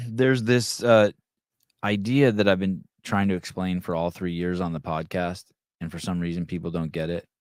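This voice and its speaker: Male podcast host, lowish voice, blunt and swearing, dry close mic. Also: fairly even intonation, moderate pace, dry recording. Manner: blunt, profane, restarts sentences, tells anecdotes. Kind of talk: casual live call-in chat.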